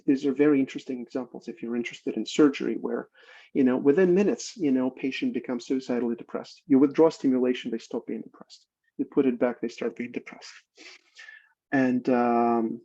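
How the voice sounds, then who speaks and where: A man's voice: mid-range voice, creaky, warm tone, husky. A man giving a seminar lecture as a clinical psychologist, explaining with everyday examples and checking in with "right?". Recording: muffled lo-fi recording.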